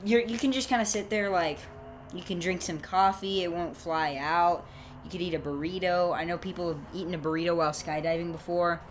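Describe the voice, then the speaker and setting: A woman's voice: lowish voice, fairly even intonation, fairly quick, faint music behind. A young woman co-hosting a comedy podcast, telling silly stories in a playful, rambling way. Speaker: podcast co-host. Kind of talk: casual comedic chat.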